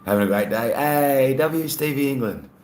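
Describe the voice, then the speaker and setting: A man's voice: mid-range voice, moderate pace, reverberant, a little hiss or hum. A man with an Australian accent, chatting casually on a live stream and reading out viewer comments. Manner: relaxed, chatty, laughs often.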